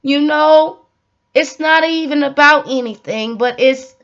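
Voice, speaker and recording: Earnest high-voiced woman sharing her story. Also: unhurried, fairly bright tone. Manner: earnest, heartfelt, repeats herself for emphasis. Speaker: vlogger. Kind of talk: emotional personal storytelling. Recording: dull lo-fi audio.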